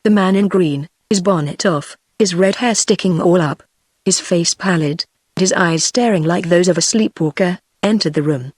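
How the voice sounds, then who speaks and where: A text-to-speech voice of a woman with a British accent, narrating an audiobook in an even, measured way. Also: fairly low pitch, no room sound, clean studio sound. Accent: British English. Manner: even, measured synthetic delivery.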